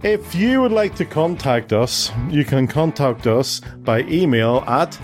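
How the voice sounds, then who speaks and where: A man's voice: fairly high pitch, animated, a little slow, soft background music. A man hosting a casual family podcast, rambling and stumbling over his words. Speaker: podcast host.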